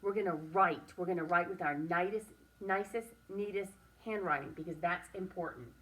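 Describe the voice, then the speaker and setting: A woman teaching a writing and drawing lesson to young children, speaking slowly and encouragingly and stressing each word. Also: on the low side, fairly bright tone, distant mic.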